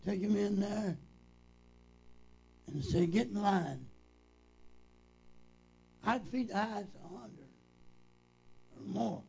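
An older male preacher with a deeply gravelly, creaky voice that still sits fairly high for a man. He tells his stories slowly and folksily, looping back through "said" as he retells old conversations. The recording is dull and lo-fi. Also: dark tone. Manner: folksy, repetitive, retells dialogue with "said". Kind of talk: reminiscing storytelling.

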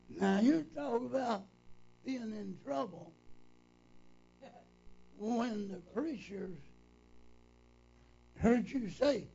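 Gravelly older preacher, slow and folksy. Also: male voice, high voice, expressive, mellow. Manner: folksy, repetitive, retells dialogue with "said". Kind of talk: reminiscing storytelling. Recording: dull lo-fi recording.

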